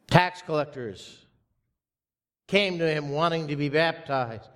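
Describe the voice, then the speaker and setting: A pastor preaching a sermon to his congregation, slow and emphatic with dramatic pauses. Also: medium pitch. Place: church sanctuary. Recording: long reverb of a church hall.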